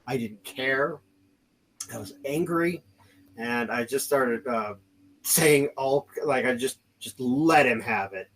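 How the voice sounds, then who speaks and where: A man hosts a podcast and tells a long story in a loose, casual way. His voice sits at an ordinary middle pitch, and he keeps backtracking with fillers and restarts. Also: takes it slowly, a bit bright, poor audio. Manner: rambling, many restarts and fillers, acts out quoted voices. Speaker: podcast host.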